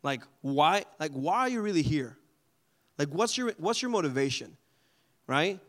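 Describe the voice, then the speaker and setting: A man leading a group Bible study in a casual, animated way, often asking the group questions. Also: fairly high pitch, measured pace.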